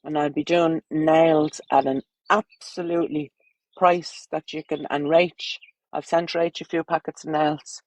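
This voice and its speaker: A woman's voice: deep voice, level tone, a little slow, a little mellow, dry recording, low-quality recording. Blunt Irish woman, crude livestream chat. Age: adult, with children.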